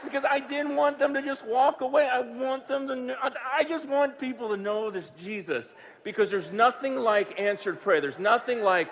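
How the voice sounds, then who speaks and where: A man preaching a sermon, telling a story in a conversational way that swings from hushed to sudden loud bursts. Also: extremely high pitch, moderate pace, few pauses, in a large hall. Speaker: pastor.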